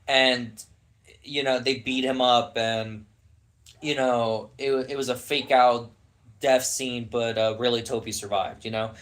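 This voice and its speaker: A man's voice: mid-range voice, steady tone, unhurried, a bit bright. A young man ranting in casual podcast chat, heated, sarcastic and profane.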